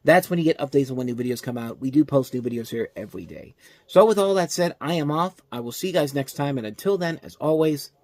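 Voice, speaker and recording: A man hosting a movie review show, ranting in an exasperated, animated way with frequent restarts. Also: mid-range voice, quick pace, no room sound.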